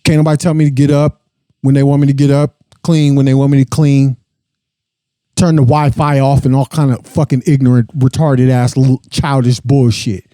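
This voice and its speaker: A man's voice: medium pitch, level tone, moderate pace, warm tone, no room sound. A young adult man hosting a podcast, giving a blunt, profane, impassioned casual monologue. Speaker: podcast host.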